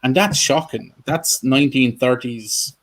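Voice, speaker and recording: A man's voice: medium pitch, a little slow. Guy hosting an online chat show over a call, lots of ums and restarts, earnest. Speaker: host. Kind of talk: casual interview. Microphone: video call.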